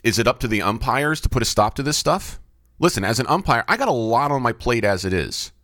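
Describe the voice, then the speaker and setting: Brisk and animated, this middle-aged man speaks in a medium-pitched, fairly bright voice on his solo podcast. A host and baseball umpire, he reflects aloud, asks himself things and often begins sentences anew. The close studio mic gives a dry sound with no echo.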